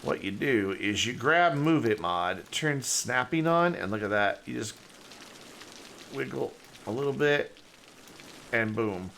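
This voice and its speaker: Streaming a city-building game, this man thinks out loud in relaxed, rambling sentences that trail away. His voice is medium-pitched with vocal fry and a fairly bright tone, lively in intonation yet unhurried, and there's slight background noise.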